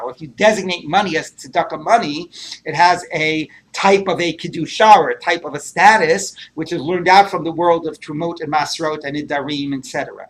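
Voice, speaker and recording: A man's voice: a little high, a bit bright. A man teaching a Talmud class, working through texts aloud with many rhetorical questions and fillers.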